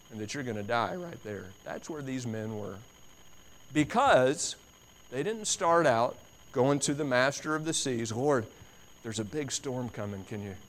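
A male preacher delivering a sermon at a medium pitch. He presses his points by repeating phrases. His voice drops low and quiet, then climbs into loud, dramatic stretches. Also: a little hiss or hum. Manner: emphatic, repeating phrases for stress.

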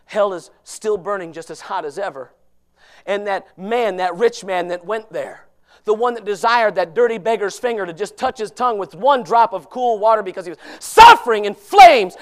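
A man preaching a sermon with fervour, moving between loud shouting and hushed pleading, quoting scripture in old-fashioned wording. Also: high voice, animated, a little fast.

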